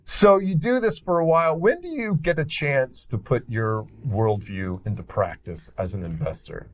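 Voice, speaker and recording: A man's voice: mid-range voice, expressive, moderate pace. A man hosting a casual interview, asking short questions and adding brief remarks. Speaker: interview host.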